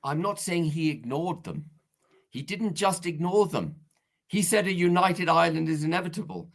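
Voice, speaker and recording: A man's voice: on the high side, lively intonation, normal speed. A man arguing his case in a heated political discussion, emphatic and insistent, pressing on over interruptions. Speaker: political guest.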